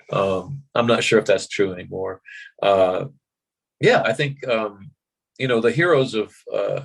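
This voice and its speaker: A man's voice: lowish voice, vocal fry, poor audio. An American actor being interviewed, talking animatedly with lots of fillers and acted-out voices in his stories. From United States. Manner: animated, acts out voices in anecdotes, frequent fillers. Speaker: actor guest. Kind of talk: casual interview.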